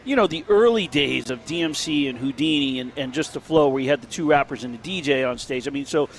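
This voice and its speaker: A man co-hosting a casual sports talk show, telling stories in an animated way with quick restarts. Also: medium pitch, a little hiss or hum. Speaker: sports radio co-host.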